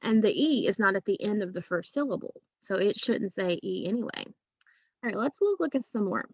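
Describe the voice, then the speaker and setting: A woman's voice: mid-range voice, lively intonation, moderate pace, a little mellow, no echo, highs cut off. A woman teacher giving a phonics lesson to young children, patient and drawing out each sound.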